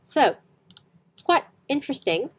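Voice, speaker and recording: A young woman whose first language is Cantonese, teaching English on a live stream and repeating lines slowly for practice. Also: high-pitched, very animated.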